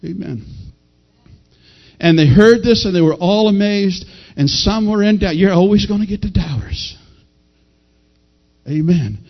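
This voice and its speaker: A middle-aged male pastor preaching a folksy, animated sermon that rises to shouted peaks. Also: high voice, unhurried, pauses often. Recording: dull lo-fi sound.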